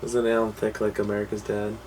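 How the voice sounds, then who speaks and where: A man's voice: on the low side, monotone, fairly quick, a little mellow, slight background noise. A man co-hosting a casual movie chat, tossing out short jokey quips and banter. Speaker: co-host of a movie collection show.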